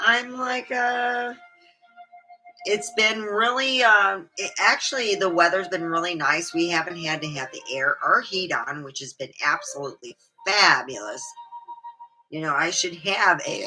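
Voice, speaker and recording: Woman, middle-aged, rambling casual chat, lowish pitch, bright voice, faint music behind. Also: rough recording. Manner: meandering, chatty, frequent fillers. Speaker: vlogger. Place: home studio. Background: faint background music.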